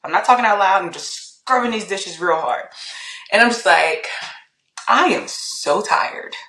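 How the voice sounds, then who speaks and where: A woman guest on a podcast telling her faith story in a lively, casual way, acting out her own thoughts and laughing often. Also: mid-range voice, moderate pace, reverberant, a little hiss or hum. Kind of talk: casual testimony.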